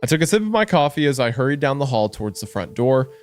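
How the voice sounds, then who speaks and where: Man, podcast co-host, casual horror chat, reads story aloud, laughs a lot, faint music behind. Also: quick pace. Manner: animated, laughs often, reads narration in a lower hushed tone.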